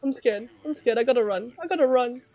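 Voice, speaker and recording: A woman streamer giving excitable live commentary on her gameplay, shrieking and laughing at each moment. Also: a little high, brisk.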